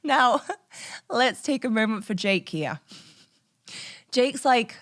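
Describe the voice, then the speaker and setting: A woman in her thirties, hosting a podcast and telling a personal story in a candid, animated way, swearing freely and laughing as she goes. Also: a little high, takes it slowly, pauses often. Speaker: podcast host.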